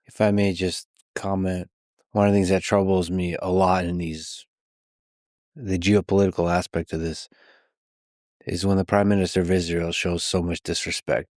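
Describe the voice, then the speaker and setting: Deep-voiced male interviewer, calm and earnest, dry close sound. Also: normal speed, no echo. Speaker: podcast host. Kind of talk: podcast interview conversation.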